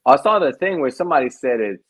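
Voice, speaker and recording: A man's voice: mid-range voice, fast talker, breathy edge, dry recording, rough recording. A man co-hosting a podcast, talking casually and matter-of-factly about sports with his friend. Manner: relaxed, matter-of-fact sports talk. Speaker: podcast co-host. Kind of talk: casual chat.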